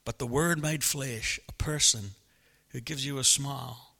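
A man preaching a sermon in a church hall, lively and animated, often laughing and acting out voices. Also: mid-range voice, measured pace, creaky. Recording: long hall reverb.

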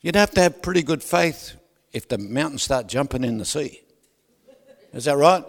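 A man preaching a sermon, loud and animated, who keeps asking the crowd for agreement and drops joking asides with laughs. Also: fairly high pitch, normal speed. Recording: long hall reverb.

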